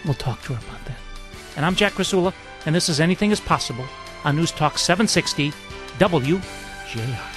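Slightly high-voiced male radio host. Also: animated, a little fast, music in the background. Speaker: radio talk show host. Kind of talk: radio talk show hosting.

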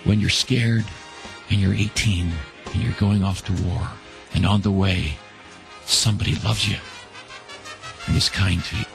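A man with a lowish voice tells an inspirational story in an earnest, measured way. He slows down to land the key lines. Soft music plays faintly underneath. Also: fairly even intonation, gravelly.

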